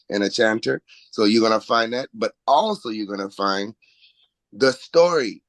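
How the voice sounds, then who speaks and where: A man's voice: on the low side, fairly bright tone, dry recording, poor audio. A man from Washington, D.C. with a local accent, talking casually and upbeat about his music in an interview. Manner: upbeat, self-promoting, chuckles often. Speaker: recording artist, interview guest.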